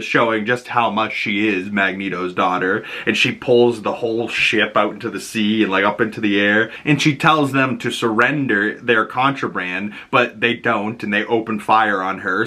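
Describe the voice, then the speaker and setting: A man's voice: lowish voice, pushed and bright. A man hosting a casual episode recap, rambling with lots of fillers and casual swearing. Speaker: host reviewing a cartoon episode.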